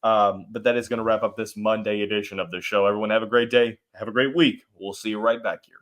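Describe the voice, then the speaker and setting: A man's voice: fairly low pitch, fast talker. Joking man hosting a sports podcast. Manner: animated, joking, rambling with restarts. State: has the hiccups. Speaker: podcast host. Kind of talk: casual sports podcast chat.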